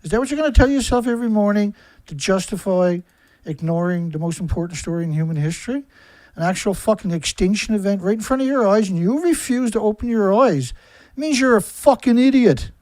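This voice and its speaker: A man's voice: fast, no echo, rough recording. Angry guy ranting at the camera, swears a lot, keeps asking why don't you wake up, dry close sound. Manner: ranting, profane, repeated rhetorical questions, rising to shouts; starts low and subdued, builds to loud outbursts. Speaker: environmentalist video commentator.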